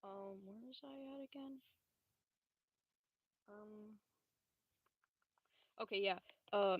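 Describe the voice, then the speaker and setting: A woman's voice: mid-range voice, highs cut off. A young woman livestreamer rambling through a story in a casual, slangy, profane way, with lots of fillers. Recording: loud steady hiss.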